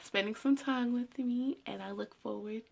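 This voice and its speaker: A woman's voice: a little high, fairly even intonation, moderate pace, gravelly, darkish tone. A woman in her twenties giving a casual personal monologue about her future, rambling with many "you know" fillers. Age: 20s. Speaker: student making a personal video.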